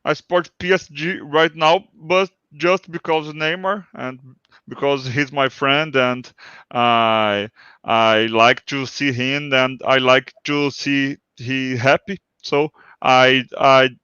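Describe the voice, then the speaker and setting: A man with a Brazilian accent speaks slowly and haltingly in English, his second language. His voice is bright and clear, heard over a dry, dull-sounding remote call line. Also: medium pitch, fairly even intonation, dry recording. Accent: Brazilian Portuguese. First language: Portuguese. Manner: slow, halting non-native English. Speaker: guest, poker player. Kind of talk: casual interview talk.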